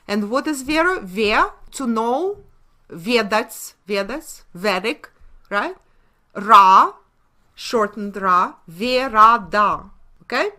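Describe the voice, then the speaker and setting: Emphatic woman with a Russian accent, bright tone. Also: mid-range voice. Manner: emphatic, asks rhetorical questions and answers them. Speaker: webinar presenter. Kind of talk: lecture on word origins.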